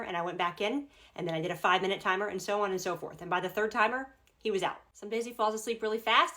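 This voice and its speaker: A woman's voice: fairly low pitch, fairly bright tone. A young adult woman, a mother, giving practical parenting tips to camera in a casual, direct way. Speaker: parenting content creator.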